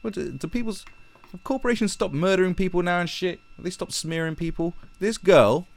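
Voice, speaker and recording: A man's voice: sits high, fairly quick, gravelly. A man giving a sarcastic, profane ranting commentary as an online commentator. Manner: sarcastic and profane, with mocking asides.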